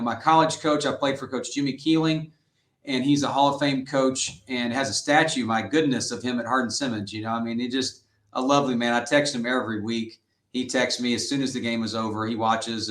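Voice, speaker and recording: A middle-aged high school football coach, a guest in an interview, earnestly tells stories and slips into the voices of the people he quotes. His pitch is ordinary for a man, and the recording has a noticeable room echo.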